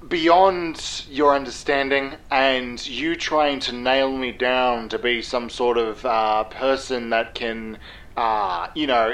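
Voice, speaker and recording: An Australian man playing a grandiose, meandering mock political candidate in a mock-solemn campaign pitch. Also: close to an everyday voice, rough recording.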